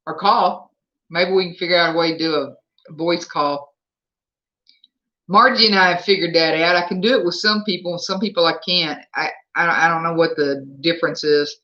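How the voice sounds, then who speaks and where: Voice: mid-range voice, fairly even intonation, moderate pace, sharp tone. A livestream host with a Southern US accent, chatting casually at home and answering viewer comments aloud. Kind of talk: casual live chat. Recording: slightly dull lo-fi sound.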